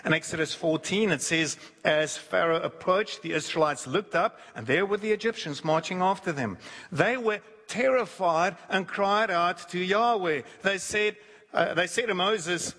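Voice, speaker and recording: Bright-voiced preacher in a reverberant hall. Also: male voice, moderate pace. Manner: acts out quoted voices with swings in pitch and pace. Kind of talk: sermon.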